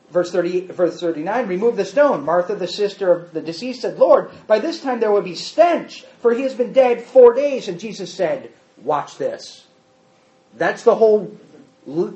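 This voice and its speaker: A man's voice: sits high, a little mellow. A man teaching a Bible study, reading scripture aloud and explaining it with emphatic repetition and questions to his listeners. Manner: emphatic, repeats points, quizzes listeners. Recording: dull echoey room recording.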